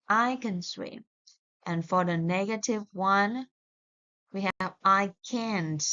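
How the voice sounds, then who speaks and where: A woman teaches pronunciation in a video lesson, taking her time over each example word. She explains in a plain tone with the odd restart. Her recording sounds dull and lo-fi, with a middle pitch. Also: a bit bright. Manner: slow, deliberate, modelling words one by one.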